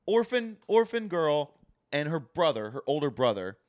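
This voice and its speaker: A man co-hosting a podcast, telling a story in an animated way and swearing freely into a studio mic. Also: a little high, moderate pace, no room sound. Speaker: podcast co-host. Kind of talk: casual chat.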